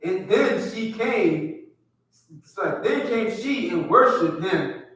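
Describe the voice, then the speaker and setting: A man with a high voice reads scripture aloud, taking it slowly and deliberately. He is far from the microphone, so his voice comes through in a heavily echoing room. The delivery is measured rather than dramatic. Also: animated, a bit bright. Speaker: class member reading scripture. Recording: very echoey, far from mic.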